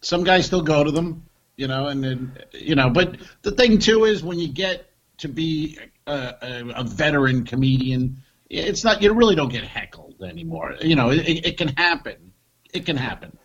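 Casual swearing comedian, lo-fi sound. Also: male voice, on the high side, lively intonation, normal speed, fairly bright tone. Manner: loose storytelling, swears freely. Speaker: comedy podcast co-host.

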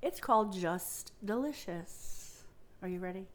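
A woman co-hosting a podcast, reading a scary story aloud at a steady, even pace. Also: mid-range voice, measured pace, slight background noise. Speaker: podcast co-host.

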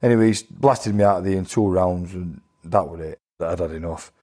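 A man's voice: deep voice, brisk, darkish tone, slightly rough. A former boxer, telling his stories bluntly in a casual interview. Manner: blunt, plain-spoken, acts out quoted voices. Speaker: retired boxer guest.

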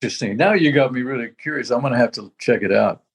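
A man's voice: mid-range voice, quick pace, slightly rough. An older man talking casually as a veteran musician, rambling and reminiscing with many restarts. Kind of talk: casual conversation.

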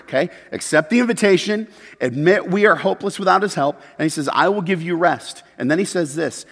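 Male pastor with a slightly high voice, delivering an emphatic sermon in a reverberant sanctuary. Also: lively intonation, normal speed, slightly rough. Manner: swings from loud emphatic peaks to quiet confessional asides. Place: church sanctuary. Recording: long hall reverb.

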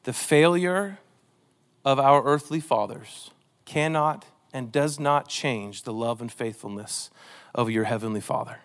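A man's voice: mid-range voice, a little slow, smooth. A man preaching a sermon, earnest and emotional, reading scripture with a pleading, dramatic delivery. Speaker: pastor.

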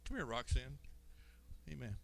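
A man who leads church youth, telling a congregation about a church outing in a halting way with restarts and an occasional amen. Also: medium pitch, sing-song, creaky, soft background music, low-quality recording. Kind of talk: recounting a trip to a church congregation.

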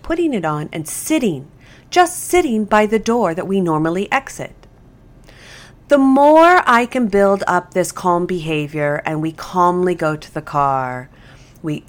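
A woman who trains dogs, explaining the training step by step in a podcast monologue. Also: fairly low pitch. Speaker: dog trainer.

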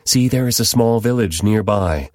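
A man's voice: fairly low pitch, normal speed, a little mellow, no echo, clean studio sound, voice pushed up, natural voice. A man reading as an anxious, begging host. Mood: anxious pleading. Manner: pleading, urgent. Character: anxious, begging man protecting his guests.

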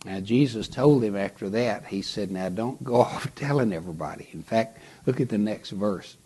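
A male pastor preaching a sermon, slow and dramatic, often dropping to a whisper for emphasis. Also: on the low side, mellow, breathy edge.

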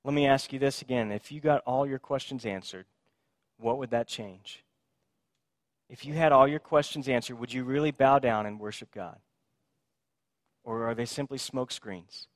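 A man's voice: mid-range voice, moderate pace, long pauses, no room sound, clean studio sound. A male pastor giving a conversational sermon with playful asides. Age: young adult or middle-aged.

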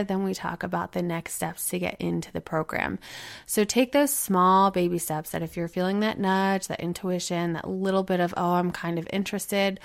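A woman in her thirties hosting a podcast, telling a story and encouraging listeners in an earnest, motivating way. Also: medium pitch. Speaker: podcast host and coach. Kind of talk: podcast monologue with a told story.

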